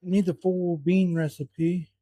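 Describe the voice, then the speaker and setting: A man's voice: high-pitched, fairly even intonation, slow pace, warm tone, dry recording. A man cooking at home, talking to himself in a flustered, muttering way and swearing often. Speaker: home cook vlogger. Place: home kitchen.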